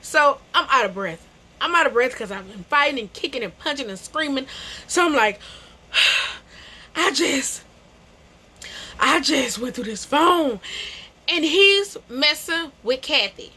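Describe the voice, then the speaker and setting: A woman's voice: high voice, expressive, a little slow, long pauses, pushed and bright. A young adult woman telling a storytime to camera, emphatic and slangy, repeating phrases and calling people bro. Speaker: vlogger. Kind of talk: animated storytime.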